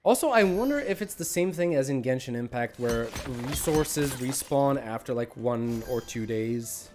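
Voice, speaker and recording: A man's voice: medium pitch, animated, moderate pace, a little mellow, faint music behind. Guy rambling thru a game stream, pokes fun at himself, voice bounces up n down a lot. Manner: rambling, self-deprecating, thinks aloud. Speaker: gaming livestreamer. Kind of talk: casual live gameplay commentary.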